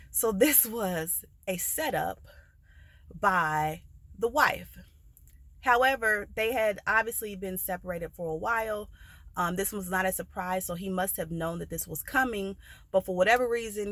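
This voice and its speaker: A woman with an American accent telling a story in a casual vlog, animated and expressive, acting out the people she quotes. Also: medium pitch, dry recording. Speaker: notary vlogger.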